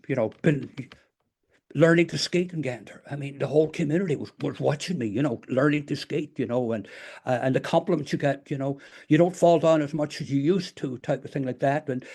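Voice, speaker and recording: A man's voice: mid-range voice, darkish tone. An older man from Northern Ireland with a Northern Irish accent, telling stories as an interview guest in a rambling way, with many restarts and "you know"s. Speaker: guest, retired teacher and memoir author. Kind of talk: casual storytelling interview.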